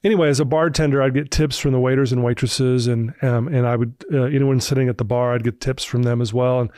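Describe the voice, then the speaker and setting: A man's voice: mid-range voice, steady tone, quick pace, darkish tone, dry recording, clean studio sound. A man in his fifties, a podcast guest, telling his personal recovery story in an earnest, emotional way.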